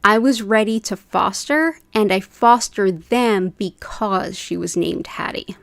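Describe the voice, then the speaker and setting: A woman's voice: mid-range voice, measured pace, creaky, no echo. A woman in her forties hosting a livestream, chatting casually and rambling with viewers. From United States. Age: 40s. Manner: chatty, rambling, says "like" often. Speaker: Reiki livestream host. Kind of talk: casual chat with live viewers.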